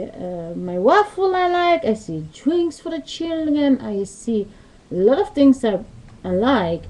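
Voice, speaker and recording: A woman's voice: fairly high pitch, warm tone, rough recording. Rambling woman on a webcam. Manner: rambling, non-native English grammar. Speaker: vlogger. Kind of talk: casual storytelling monologue. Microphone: webcam mic.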